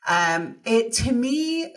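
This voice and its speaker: A woman's voice: fairly high pitch, very animated, very slow. A woman hosting a podcast, speaking in an empathetic, reflective way. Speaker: podcast host. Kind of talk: conversational interview. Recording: voice distant from the mic.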